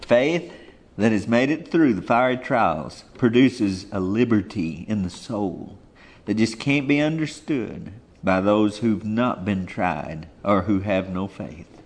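A man preaching a sermon in a folksy, emphatic way, swinging between loud and hushed lines. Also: on the low side, expressive, slow pace.

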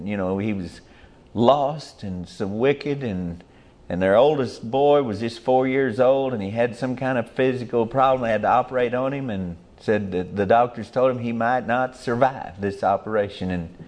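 A man's voice: mid-range voice, darkish tone. An older man, preaching a sermon in a folksy, rambling way with rural grammar.

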